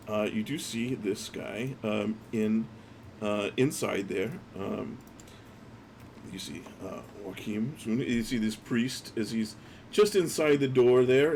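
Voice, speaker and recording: A man's voice: fairly low pitch, creaky, a little mellow, a little hiss or hum. A man running a tabletop game as dungeon master, narrating loosely with many fillers and restarts.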